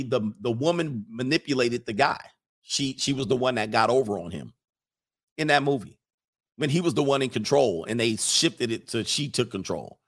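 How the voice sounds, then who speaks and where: A middle-aged man, a streamer and coach, chatting loosely and laughing as he reads viewer comments. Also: medium pitch. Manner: loose, laughing, slangy storytelling. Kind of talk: casual livestream chat reading comments.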